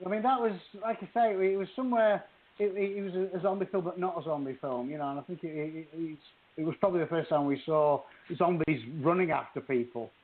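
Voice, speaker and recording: A man's voice: a little high, fast. A man, an author chatting casually on a podcast and reading from a book, rambling with many restarts. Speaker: author guest. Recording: tinny phone-like call audio.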